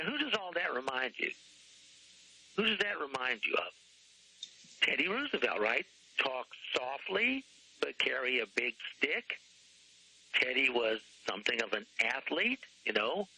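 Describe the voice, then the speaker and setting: A man talking as a guest author on a radio talk show, rambling, often clearing his throat and spelling out names letter by letter. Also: medium pitch, sharp tone, dry recording, low-quality recording.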